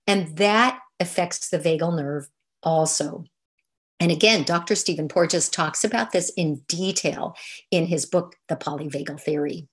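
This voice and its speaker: An older woman giving an online lecture over slides, explaining in a soft, unhurried way. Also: mid-range voice. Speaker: movement teacher.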